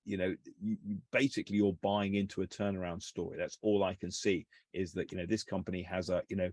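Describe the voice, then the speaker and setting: A man talks through a company's numbers in a loose, conversational way, often stopping and restarting with fillers. His voice sits low and sounds dry and close, with little room around it. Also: flat delivery, quick pace, few pauses, darkish tone, no echo. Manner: hesitant, many fillers and restarts. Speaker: co-host analysing company finances. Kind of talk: casual explanatory commentary.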